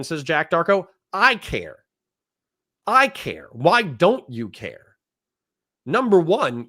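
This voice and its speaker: A male livestream host in casual commentary mode, reading viewers' comments aloud and reacting to them. He talks bluntly and swears freely, and he gets heated fast. His voice sits at an ordinary middle pitch for a man. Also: fairly bright tone. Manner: blunt, profane, quick to get heated.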